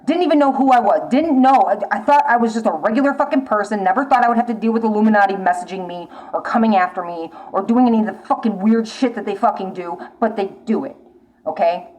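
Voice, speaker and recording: A woman's voice: medium pitch, quick pace, darkish tone, low-quality recording. A woman giving a tarot reading to a viewer, talking bluntly and urgently, swearing often and repeating her warnings. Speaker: tarot reader. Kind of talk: casual spoken tarot reading.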